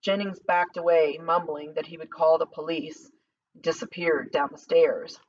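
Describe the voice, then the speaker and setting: A woman narrating a novel as an audiobook, in a measured, dramatic reading. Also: deep voice, steady tone. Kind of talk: scripted narration. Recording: slightly distant dull lo-fi recording.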